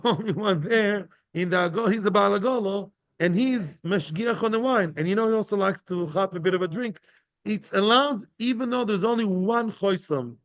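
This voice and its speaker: High-voiced man teaching a Talmud class. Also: fairly bright tone. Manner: translates each phrase and repeats himself, checking in with "yeah?". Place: study hall with a live class.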